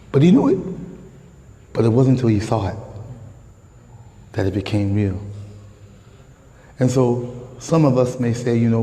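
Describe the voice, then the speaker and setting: An American man giving a lively, slangy sermon in a mosque, jumping from calm talk to shouts. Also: mid-range voice, long reverb tail, poor audio. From United States. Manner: animated, slangy street talk, rises to shouts. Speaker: guest preacher. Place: mosque prayer hall.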